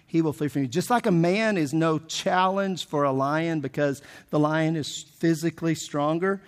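A man preaching a sermon, emphatic and asking the congregation questions as he goes. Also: fairly high pitch. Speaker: pastor.

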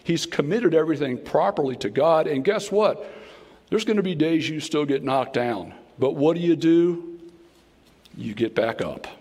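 Guest preacher, Southern man, husky and homespun, echoing auditorium. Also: fairly high pitch, animated, normal speed, darkish tone. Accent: American Southern. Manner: folksy, conversational preaching with playful voices. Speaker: guest speaker. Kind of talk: sermon. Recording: long hall reverb.

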